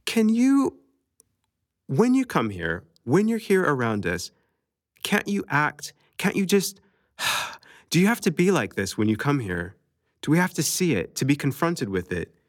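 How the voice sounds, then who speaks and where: A man playing a shrill, scolding mother. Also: wildly swooping pitch, measured pace, dry recording, studio quality. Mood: exasperated. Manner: scolding, high-strung. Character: stern, exasperated middle-aged mother.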